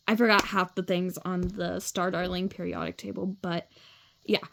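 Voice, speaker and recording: A woman's voice: fairly low pitch, level tone, normal speed, vocal fry, fairly bright tone, slight background noise. A woman casually reading a children's book aloud, swearing now and then and filling with "like". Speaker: reader.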